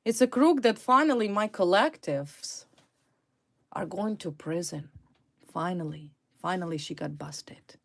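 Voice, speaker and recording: Indignant woman reading tarot cards. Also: medium pitch. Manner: emphatic, indignant, repeats key words. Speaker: tarot reader. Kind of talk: tarot card reading to viewers.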